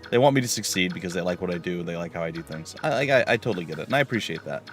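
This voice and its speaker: A man's voice: low voice, animated, racing, soft background music. A man streaming a game live, chatting casually and rambling with many fillers as he plays. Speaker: let's play streamer.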